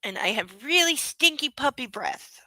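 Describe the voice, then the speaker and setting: A woman's voice: high voice, animated, normal speed, pushed and bright, no room sound, full character voice, rough recording. A woman voicing a sweet, dutiful young male puppy that talks about itself in plain, earnest, self-satisfied words. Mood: proud.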